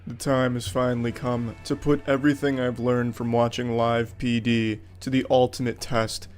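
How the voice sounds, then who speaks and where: A man's voice: medium pitch, flat delivery, normal speed, a little mellow, faint music behind. A man giving comedic gameplay commentary in a crude, sarcastic, mock-heroic way. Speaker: gaming commentator.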